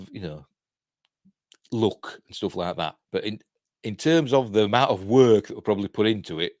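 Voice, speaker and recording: A man's voice: deep voice, darkish tone, no room sound, studio quality. A man with a Yorkshire accent hosting a casual live news round-up. He reads articles aloud and breaks off into chatty, rambling asides. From Yorkshire, England. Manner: reads articles aloud then comments on them. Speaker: host.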